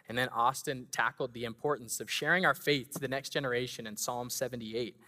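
Bright-voiced male preacher in a hall. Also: medium pitch. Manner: playful, animated storytelling. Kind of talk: sermon. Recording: long hall reverb.

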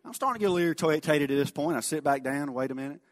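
A man telling a folksy mission story in a sermon, animated, then dropping quiet for emphasis. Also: on the high side, racing. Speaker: lay speaker sharing a mission story. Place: church sanctuary. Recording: long church reverb.

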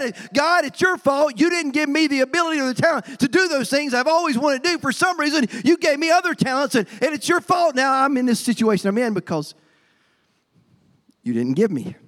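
A man's voice: very high voice, fairly bright tone. A male pastor preaching a folksy sermon, stumbling over repeated words and acting out quotes. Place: church sanctuary. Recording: long hall reverb.

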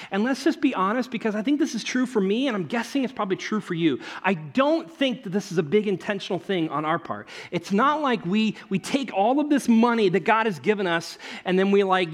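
A man preaching a sermon as pastor, conversational and lively, often checking in with the congregation. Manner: conversational, keeps asking the congregation "right?"; animated storytelling with swings of pitch.

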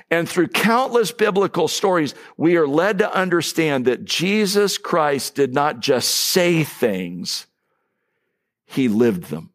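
A man preaching a sermon as a pastor, earnest, with fillers and restarts. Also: a little high.

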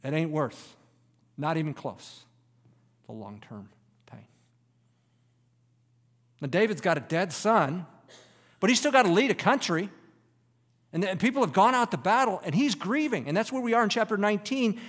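Male preacher, slightly high voice, dramatic shifts from loud to hushed, big reverberant sanctuary sound. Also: moderate pace, long pauses. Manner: expressive preaching, drops to a hushed near-whisper for emphasis. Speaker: pastor. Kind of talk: sermon.

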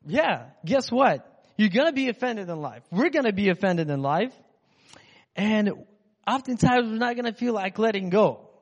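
A man's voice: sits high, very animated, normal speed. A man from Russia giving a casual, chatty sermon in a rambling, conversational way. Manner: chatty, rambling, acts out inner voices. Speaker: preacher. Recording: dull sound with long hall reverb.

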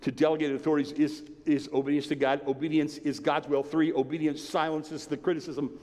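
A man's voice: a little high, little pitch movement, fairly quick. Preaching man in a reverberant hall. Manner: conversational preaching, rises to emphatic then drops to a hushed tone. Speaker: pastor. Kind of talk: sermon.

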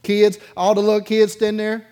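A male pastor preaches to his congregation in the church sanctuary, his high voice brisk, smooth, and monotone. He tells a story loosely and conversationally, laughing softly between lines and alternating booming moments with quiet asides.

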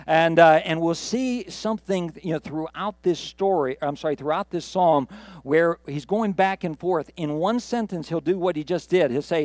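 Earnest, higher-voiced male preacher. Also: fairly quick, a little mellow, no room sound. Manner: earnest preaching, building to emphatic highs. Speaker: pastor. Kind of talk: sermon.

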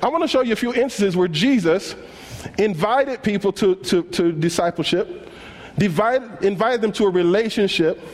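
A man preaches a sermon in African American English, telling stories animatedly and performing the dialogue in casual slang. His voice is high and his pace normal, with long hall reverb on the recording.

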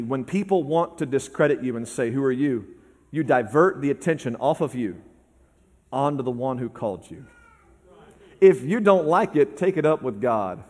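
A man preaching a sermon to a church service, swinging from quiet, fast lines up to shouting and half-singing. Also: medium pitch, lively intonation. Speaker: pastor. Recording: long hall reverb.

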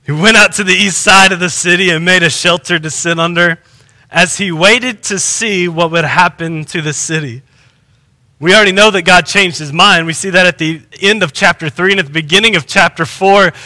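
High, sharp-voiced pastor preaching. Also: male voice, moderate pace, dry recording. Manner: conversational preaching with repeated restarts. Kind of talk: sermon.

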